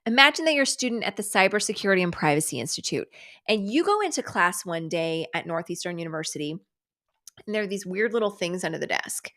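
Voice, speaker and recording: A middle-aged woman hosting a casual livestream, sarcastic and animated, swearing freely and dropping to whispers for asides. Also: on the low side, quick pace. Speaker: livestream host. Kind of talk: casual chat.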